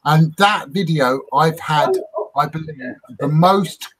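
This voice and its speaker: A man's voice: on the high side, slow, a bit bright, slight background noise. A man in casual live stream chat, talking hesitantly and often restarting his words.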